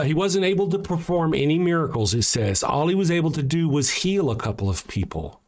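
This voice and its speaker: A man hosting a show, ranting emphatically, with lots of repetition and profanity. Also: on the high side. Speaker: show host. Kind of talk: ranting commentary.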